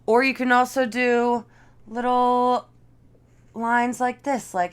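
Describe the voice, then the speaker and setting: A woman's voice: on the high side, flat delivery, takes it slowly, clean tone. A young adult woman giving a casual, encouraging art lesson from her living room, chatting while she draws. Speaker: art instructor.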